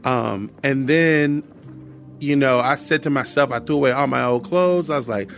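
A man's voice: mid-range voice, normal speed, vocal fry, fairly bright tone, faint music behind. Earnest American man giving testimony. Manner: earnest and reflective, with repeated phrases. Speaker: guest sharing his testimony. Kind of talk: personal testimony talk.

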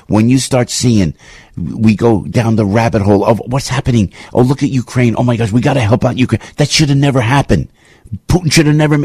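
A male radio show host delivering an impassioned, ranting commentary monologue, full of rapid restarts, into a studio microphone. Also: mid-range voice, a little mellow, breathy edge, dry recording.

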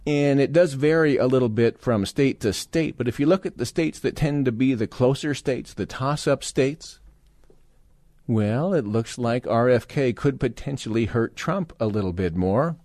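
A man's voice: mid-range voice, normal speed, darkish tone, no echo. Male talk radio host, sarcastic monologue, dry studio sound, plain middle voice. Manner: sarcastic, mocking, mimics voices.

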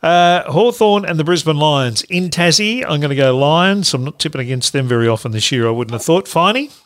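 A man's voice: a little high, animated, fairly quick, a bit bright. A middle-aged Australian man hosting a casual sports chat, playful and announcer-like, laughing often. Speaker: host.

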